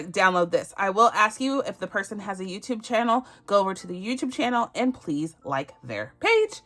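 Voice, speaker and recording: A woman from Barbados hosts a budgeting channel and walks through a savings challenge in a relaxed, chatty vlog. She giggles a lot and keeps a friendly, easygoing flow, her voice at a middle pitch for a woman.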